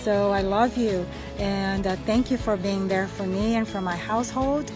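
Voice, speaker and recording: An earnest woman recording a heartfelt birthday message and quoting scripture. Music plays clearly behind her voice. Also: mid-range voice, moderate pace. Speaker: church friend giving a birthday tribute.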